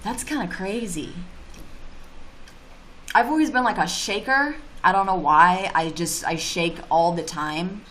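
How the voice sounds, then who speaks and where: A woman's voice: mid-range voice, a little slow, a bit bright, a little hiss or hum. A woman livestreaming casual chat, reading viewer comments and ranting bluntly with plenty of swearing. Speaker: YouTuber streaming live.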